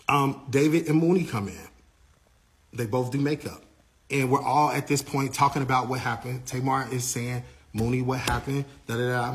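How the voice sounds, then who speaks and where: Animated man telling a backstage story. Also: mid-range voice. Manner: animated storytelling, quoting others. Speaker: tour manager. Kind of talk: casual retelling of events.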